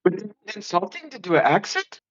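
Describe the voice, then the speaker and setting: A woman's voice: mid-range voice, very animated, brisk. A middle-aged woman co-hosting a podcast, reacting to videos in casual chat, exclaiming and then trailing off hesitantly. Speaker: podcast co-host, mother. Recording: dull lo-fi sound.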